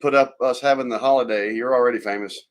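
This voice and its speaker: A man's voice: medium pitch, steady tone, quick pace. A man, casually chatting and teasing as a live stream co-host. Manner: joking, teasing, rambling, laughs often.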